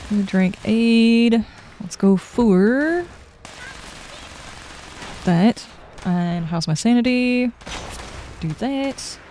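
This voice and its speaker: A woman's voice: a little high, very slow, pauses often, warm tone, slight background noise. A woman streaming a game, chatting with opinions and talking back to the characters on screen. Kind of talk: casual gameplay commentary.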